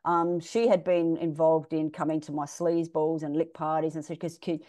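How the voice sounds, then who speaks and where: A middle-aged Australian woman, a DJ guest, telling stories in a frank, animated way and acting out the quotes. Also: low-pitched, moderate pace. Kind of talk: casual storytelling interview.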